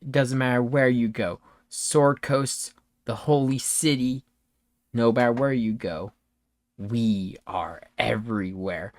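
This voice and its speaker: A man voicing a sinister male cat-folk lieutenant cultist, speaking low, slow and menacing. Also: steady tone, no echo.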